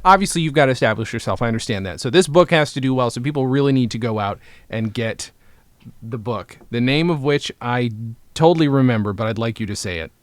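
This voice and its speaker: A man from New York co-hosting a comedy podcast, interviewing with a playful, deadpan manner. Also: medium pitch, quick pace, dry recording. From Lawrence, New York. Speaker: podcast co-host.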